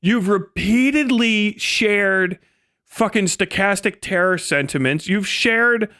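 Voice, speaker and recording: A man rants on a livestream in a high, heated voice, cursing freely. He is recorded close and dry, with no room sound. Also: slow, pushed and bright, no echo. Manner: profane, heated, swings into mocking impressions. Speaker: livestream host. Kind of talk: ranting livestream commentary.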